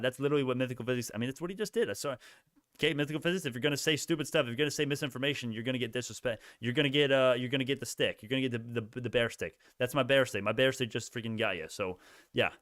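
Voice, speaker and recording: A man's voice: mid-range voice, fast, a bit bright, dry recording, clean studio sound. A young man hosting a casual stock livestream, ranting heatedly at his chat with many restarts.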